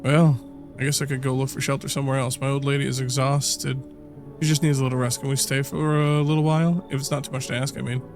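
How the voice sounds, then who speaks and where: A man reading the lines of a polite, evasive traveler begging for shelter, soft-spoken and pleading. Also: mid-range voice, flat delivery, fast talker, music in the background, lightly acted. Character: polite male traveler, wife in tow, evasive.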